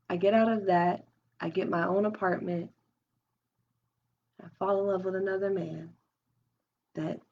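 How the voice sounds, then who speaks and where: A woman's voice: medium pitch, husky. Woman venting candidly on a lo-fi stream. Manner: open, emotional, talks things through aloud with restarts. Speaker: livestream host. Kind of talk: candid personal talk on a live stream. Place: at home. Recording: dull lo-fi stream audio.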